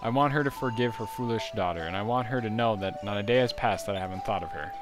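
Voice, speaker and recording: A man's voice: fairly low pitch, quick pace, music in the background, lightly acted. A man reading the part of a regretful young woman from a video game, in an earnest, plain voice close to his own. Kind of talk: video game dialogue read aloud.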